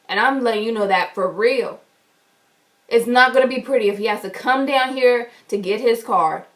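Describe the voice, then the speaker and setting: A woman vlogger telling an animated, indignant story to the camera. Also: sits high. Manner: animated, indignant, acts out quotes loudly. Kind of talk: storytime vlog.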